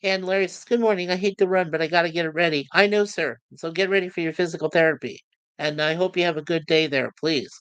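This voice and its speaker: A man with a slightly high, somewhat bright voice hosts a laid-back livestream review of a TV series, chuckling as he reads chat messages between bits of trivia. His tone is clear and resonant and his manner friendly, with filler pauses as he reads the chat aloud. The recording has no room sound but comes across muffled.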